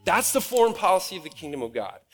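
A man from Nebraska preaching a conversational, animated sermon from a church stage. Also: sits high, fast talker, soft background music. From Nebraska, USA. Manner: conversational and animated, acts out quoted voices. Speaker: pastor. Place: church auditorium. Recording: reverberant hall.

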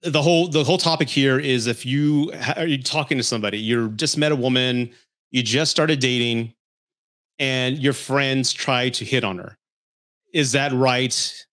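Blunt, foul-mouthed podcast host, mid pitch. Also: male voice, fairly even intonation, moderate pace, fairly bright tone. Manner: blunt and profane, frank anecdotes. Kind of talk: casual podcast storytelling.

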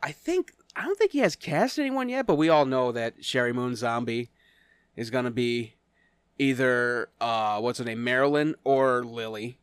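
A man's voice: medium pitch, animated, moderate pace, clean tone, no room sound. A man co-hosting a podcast in casual chat, stammering and laughing often. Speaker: podcast co-host.

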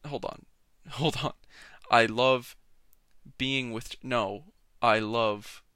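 A man's voice: medium pitch, fairly even intonation, very slow, sharp tone, clean tone, dry recording, studio quality. A young man hosting a solo podcast, rambling and sarcastic, often interrupting himself. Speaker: podcast host. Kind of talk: casual solo podcast rant.

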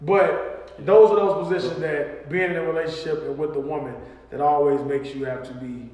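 Profane, animated man telling stories. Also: on the high side, normal speed. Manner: profane, animated storyteller acting out quotes. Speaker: podcast co-host. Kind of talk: casual storytelling chat. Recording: echoey room, distant from mic.

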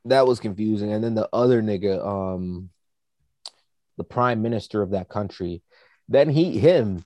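A man's voice: on the low side, unhurried, warm tone, no echo. A man casually chatting as a podcast co-host, rambling with lots of fillers. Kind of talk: casual chat.

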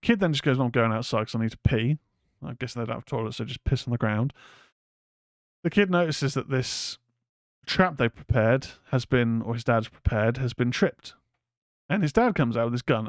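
A man's voice: medium pitch, animated, moderate pace, dry recording, clean studio sound. A man from England hosting a casual film review show, rambling, swearing freely and reading out chat comments. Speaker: horror podcast host.

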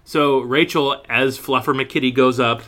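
A man's voice: mid-range voice, fairly even intonation, measured pace, sharp tone. A man co-hosting a casual book podcast, bluntly recapping the plot and swearing freely. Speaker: podcast co-host.

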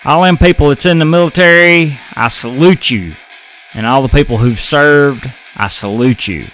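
A man's voice: a little high, moderate pace, fairly bright tone, faint music behind, poor audio. Blunt folksy American man hosting a podcast. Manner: folksy, blunt and swearing, riffing loosely. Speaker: podcast host. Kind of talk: casual political podcast rant.

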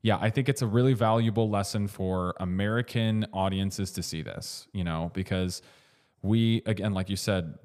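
A man's voice: lowish voice, normal speed, darkish tone. A man co-hosting a movie podcast, talking casually with lots of fillers and restarts. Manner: rambling, restarts and hedging with fillers. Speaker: podcast co-host. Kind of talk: casual movie review chat.

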